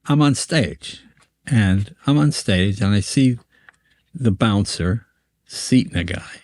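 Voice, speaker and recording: An older man, a comedian guest on a podcast, telling show business stories and acting out voices, with quick stammering restarts. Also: on the low side, expressive, darkish tone, no echo. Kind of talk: anecdotal storytelling on a podcast.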